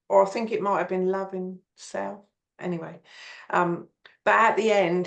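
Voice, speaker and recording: A woman hosting a casual conversation, encouraging and enthusiastic. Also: lowish voice. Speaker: host.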